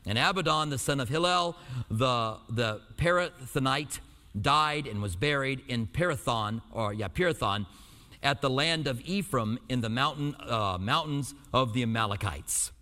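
A pastor from Albuquerque teaching verse by verse, reading scripture slowly and then explaining it in a conversational way with light jokes. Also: male voice, medium pitch, animated, pushed and bright. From Albuquerque, New Mexico. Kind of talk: verse-by-verse sermon. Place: church in Tucson. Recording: hall reverb.

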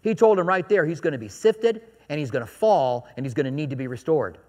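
Preaching as pastor, a man keeps his sermon conversational and joking, hammering points with repetition. His expressive, fairly quick voice sits on the high side, warm in tone, with a big-room sound.

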